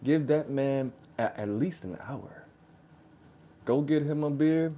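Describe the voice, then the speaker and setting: A man's voice: mid-range voice, slow pace. A man hosting a reaction video, giving slangy, sarcastic relationship advice and calling the listener "bro.". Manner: slangy, ranting, keeps saying "bro"; animated, sarcastic mocking. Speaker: reaction channel host.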